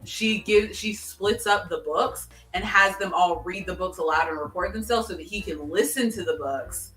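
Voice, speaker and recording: A woman co-hosting a casual chat, excitedly retelling a TV episode and acting out its dialogue. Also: fairly low pitch, moderate pace, echoey room, distant mic, soft background music. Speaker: podcast co-host. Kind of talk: casual chat recapping a TV show.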